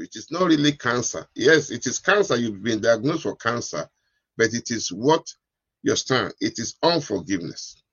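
Husky man preaching with emphatic repetition. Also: mid-range voice, a bit bright, dry recording, highs cut off. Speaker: pastor. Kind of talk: sermon.

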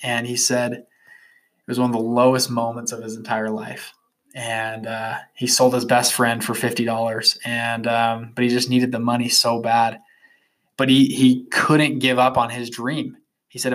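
A young man in his twenties hosts a podcast and tells a motivational story in a loose, animated monologue. His voice is bright and forceful. He rambles, piling up fillers and restarts as he goes. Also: mid-range voice, normal speed. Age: 20s. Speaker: podcast host.

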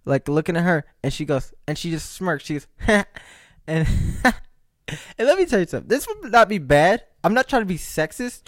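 Young male podcast host, lively rambling comic storyteller, slightly higher voice, dry close sound. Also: normal speed, dry recording. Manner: rambling storyteller with joking asides to listeners. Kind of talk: casual comedic podcast monologue.

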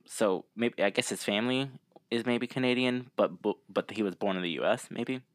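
A man with a lowish voice in relaxed podcast chat. He reads out trivia in a laid-back way and laughs easily. The recording is dry and close. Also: normal speed, no echo. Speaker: podcast co-host. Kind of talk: casual chat.

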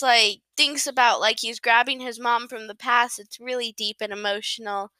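A woman hosting a podcast, recapping a novel in a casual, rambling way. She is giggly, self-deprecating and quick to apologize. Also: on the high side, fairly even intonation, pushed and bright, dry recording.

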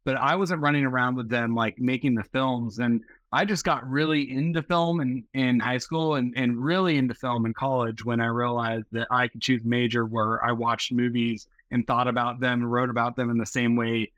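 A man in his forties from Seattle rambles easily through his answers, full of "like" and "you know". He sits at a mid pitch, and the dry, muffled recording sounds lo-fi. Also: moderate pace, no room sound. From Seattle, USA. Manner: rambling, filler-heavy, relaxed. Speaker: documentary filmmaker guest. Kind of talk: casual interview talk. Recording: muffled lo-fi audio.

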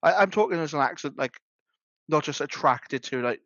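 A podcast co-host, this man has a slightly high, creaky, fairly bright voice and speaks animatedly at normal speed. He rambles through the casual chat with lots of fillers and restarts. The audio is dry, dull and slightly lo-fi.

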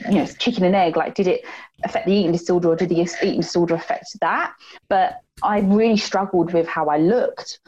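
As an interview guest, a woman from England with a Cockney accent talks openly and reflectively, using lots of fillers. Her medium-pitched voice is a little mellow with a breathy edge, and the recording's highs are cut off.

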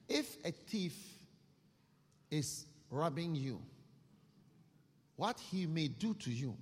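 A male preacher telling a story in a sermon, his voice swinging widely in pitch. He speaks slowly, with a breathy edge. Long reverb fills the church hall around him. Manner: animated storytelling. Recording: echoey hall.

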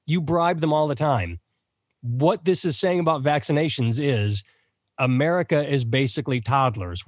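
A man's voice: mid-range voice, no echo, studio quality. A man in his thirties, a podcast co-host, ranting in a sardonic, profane way during casual chat.

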